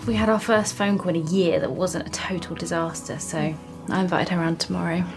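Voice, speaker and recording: A woman's voice: fairly low pitch, fairly even intonation, fairly quick, lightly acted. Actress as a hopeful young convert girl, drama scene, music underneath. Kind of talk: scripted drama dialogue.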